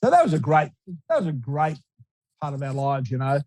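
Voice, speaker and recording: Older Australian ex-footballer guest, rambling and repetitive, a bit high-pitched, dry sound. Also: male voice, sing-song, a little fast, a little mellow, no room sound, rough recording. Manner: rambling, repeats words, laughs easily. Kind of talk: casual storytelling interview.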